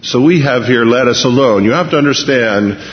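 A man with a mid-range voice preaches a sermon at a fairly quick clip, narrating the scene like a story and acting out the quoted voices. He's an animated storyteller who shifts his pace, and the dull, lo-fi recording has long hall reverb.

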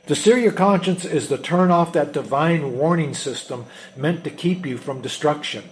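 A man's voice: fairly high pitch, moderate pace, a little hiss or hum. A man preaching a sermon, earnest, often asking rhetorical questions of the congregation. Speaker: pastor.

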